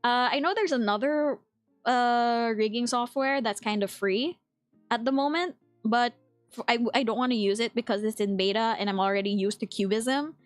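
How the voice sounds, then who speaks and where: Chatty Filipino woman streamer, higher voice. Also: dry recording, faint music behind. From Philippines. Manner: chatty, quick to laugh, reads chat aloud. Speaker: VTuber streamer. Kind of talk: casual chat with live chat.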